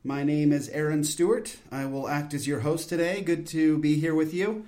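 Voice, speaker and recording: A man's voice: a little high, fairly even intonation, normal speed, warm tone. A man in his forties hosting a solo podcast, talking in an intense, earnest, rambling way with many restarts. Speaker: podcast host. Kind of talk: casual solo podcast talk.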